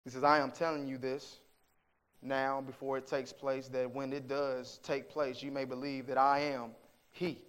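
A man preaching a sermon, with emphatic delivery that swings from hushed to forceful, asking rhetorical questions and quoting scripture. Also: mid-range voice, little pitch movement, normal speed, smooth.

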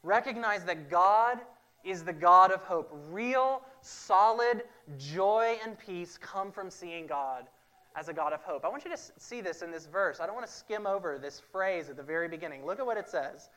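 A man preaching a sermon, emphatic, repeating key phrases and swinging from loud to hushed. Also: sits high, normal speed. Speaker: pastor.

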